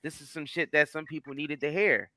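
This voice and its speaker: A man's voice: a little high, steady tone, a little fast, sharp tone, slight background noise. A man hosting a casual online show over a video call, laid-back and slangy, often repeating his phrases. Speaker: host.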